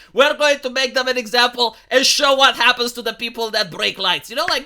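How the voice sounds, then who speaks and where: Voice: medium pitch, bright, forceful tone. A streamer from Romania, ranting in a video commentary, indignant and full of fillers and restarts.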